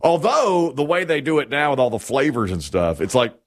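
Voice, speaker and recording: Chatty middle-aged male host, lively voice. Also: mid-range voice, fairly quick, dry recording. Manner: chatty, rambling, with restarts and storytelling. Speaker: radio show host. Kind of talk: casual on-air chat.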